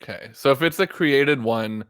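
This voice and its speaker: A man chatting casually as a player at a tabletop game, joking around in a lively way. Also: mid-range voice, normal speed, clean tone, no room sound, studio quality.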